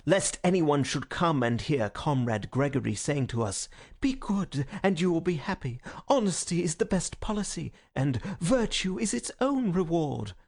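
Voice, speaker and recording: A man's voice: sits high, pitched above the performer's own voice, full character voice. A man voicing a fiery young male anarchist orator in an audiobook, speaking in a rousing, declamatory way. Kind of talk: audiobook character reading.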